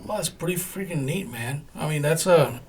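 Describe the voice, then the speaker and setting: A man's voice: a little high, lively intonation, moderate pace, slight background noise. A man co-hosting a podcast in casual chat, laid-back and joking, with short affirmations. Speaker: podcast co-host.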